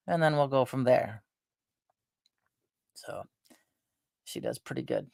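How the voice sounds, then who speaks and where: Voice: medium pitch, huge pitch swings, slow pace, vocal fry, long pauses, a little mellow, dry recording, studio quality. A middle-aged vlogger chatting casually about family, meandering with lots of fillers and restarts. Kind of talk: casual rambling chat.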